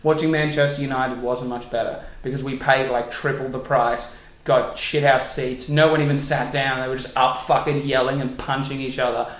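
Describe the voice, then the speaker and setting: A man's voice: medium pitch, level tone, moderate pace, echoey room. A man hosting a casual comedy podcast, telling stories and teasing his guest with plenty of swearing. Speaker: podcast host.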